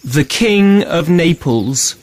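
An earnest, lovestruck young prince , done by a man in a raised, emotive voice. He speaks slowly. It is a storybook reading. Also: on the high side, animated, voice pushed up.

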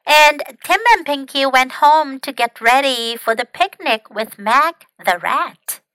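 A woman English teacher reading a storybook aloud slowly and clearly, switching between two languages, on a close microphone. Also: high voice, fairly bright tone, no room sound. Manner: slow, clear, careful reading.

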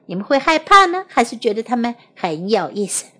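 Woman, Mandarin-native, kids' English lesson, high voice, slow repetition. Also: sing-song, pushed and bright. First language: Mandarin Chinese. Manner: repeats phrases slowly for learners. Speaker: children's English teacher. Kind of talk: bilingual lesson for children.

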